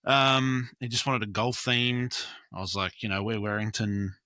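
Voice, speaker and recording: A man's voice: medium pitch, a little slow, sharp tone, no echo. A man, a mural artist chatting casually and rambling with fillers and swearing. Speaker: graffiti and mural artist, guest. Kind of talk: casual chat.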